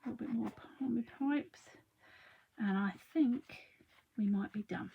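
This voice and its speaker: A woman's voice: fairly high pitch, unhurried, gravelly, narrow, tinny audio, slight background noise. A woman in her thirties chatting to viewers while she demonstrates a craft project live. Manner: chatty, friendly, talks to viewers and reads their comments.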